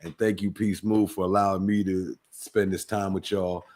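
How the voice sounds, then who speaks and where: Low-voiced man co-hosting, hesitant. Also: level tone, moderate pace, a little mellow. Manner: hesitant, many fillers, grateful. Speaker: guest co-host. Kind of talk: casual chat.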